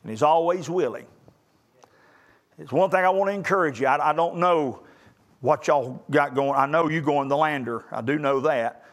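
A middle-aged man preaching a sermon to young graduates, building to loud emphatic peaks in a folksy way. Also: on the high side, normal speed. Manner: rising to loud emphatic peaks, southern colloquial phrasing.

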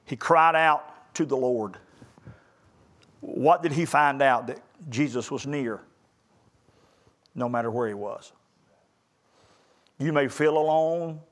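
Preacher man, emphatic sermon. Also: fairly high pitch. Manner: rising to loud emphatic peaks, southern colloquial phrasing. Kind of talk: sermon to graduating young people.

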